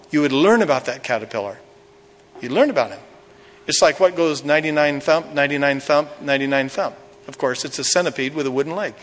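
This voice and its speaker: A man's voice: fairly high pitch, a bit bright, big-room sound. A man preaching a sermon as pastor, in a folksy storytelling way with jokes.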